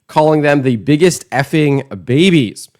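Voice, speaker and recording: A man's voice: fairly high pitch, animated, unhurried, a little mellow. A man hosting an online political commentary show, talking in a scornful, emphatic, conversational way.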